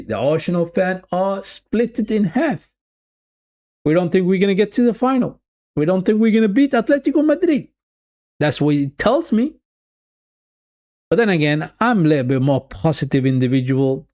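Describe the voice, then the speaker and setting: A man's voice: high voice, moderate pace. Chatty man doing live football commentary. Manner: repeats phrases, addresses viewers as people; chatty, swings between excited and deflated. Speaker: football watch-along streamer. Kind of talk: live match watch-along commentary.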